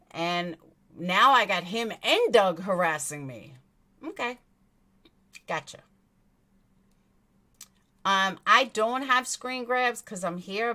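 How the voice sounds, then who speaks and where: A woman's voice: medium pitch, bright, forceful tone. A woman with a New York accent hosting a true crime livestream, reading chat aloud and answering in a blunt, indignant way, swearing freely. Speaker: true crime commentary host.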